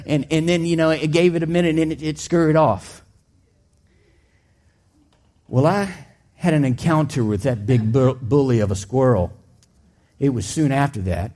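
A pastor telling a personal story in his sermon, animated and conversational, his voice climbing high when the story gets exciting. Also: normal speed, long pauses. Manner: plain, conversational preaching with restarts.

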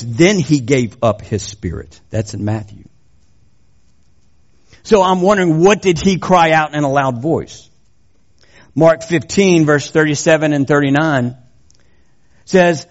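High-voiced, slow, fervent male preacher. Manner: emphatic, building to fervent proclamation. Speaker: pastor. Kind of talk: sermon. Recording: dull lo-fi recording.

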